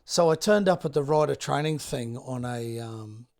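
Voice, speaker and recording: A man in his fifties with an Australian accent, a guest telling stories in a relaxed, halting way, full of fillers. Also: medium pitch, creaky. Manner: laid-back, many fillers and restarts, acts out others' lines. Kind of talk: casual storytelling chat.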